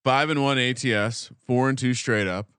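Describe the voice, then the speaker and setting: A man co-hosting a sports betting podcast from a studio, his voice sitting at an ordinary mid pitch. He rambles along casually, swears freely and drops dry jokes. The sound is close and dry, with no room around it. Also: steady tone, normal speed, fairly bright tone, clear, resonant tone, dry recording. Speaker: podcast co-host.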